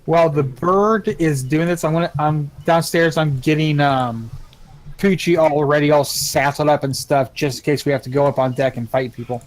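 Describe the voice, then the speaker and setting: A man with a somewhat high voice, playing his character at a tabletop game. He talks in a chatty, easygoing way. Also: moderate pace. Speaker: player.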